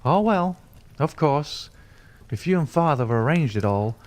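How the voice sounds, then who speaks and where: A shy young woman, a farmer's daughter in love, speaks softly in a high, lilting voice, as an audiobook narrator puts her on. Her tone rises and falls gently, bashful and tender. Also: lively intonation, unhurried.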